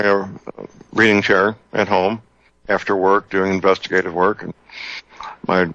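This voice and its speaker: An older man hosting a call-in radio talk show, speaking slowly and deliberately, repeating key details. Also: low-pitched, sharp tone, no echo. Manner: slow, deliberate, repeats numbers. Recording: muffled lo-fi radio broadcast.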